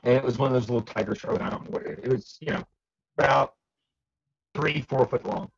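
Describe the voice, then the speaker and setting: A man co-hosting a podcast, casually telling anecdotes in an animated way. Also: a little fast, creaky, breathy edge, lo-fi sound. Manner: animated storyteller, jumps high for quoted shouts. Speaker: podcast co-host. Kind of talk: casual storytelling chat.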